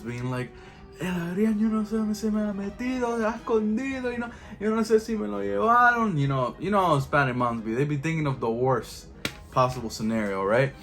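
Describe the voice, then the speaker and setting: A young man telling a story in a casual vlog, animated and full of slang and swearing. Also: medium pitch. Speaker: YouTube storyteller.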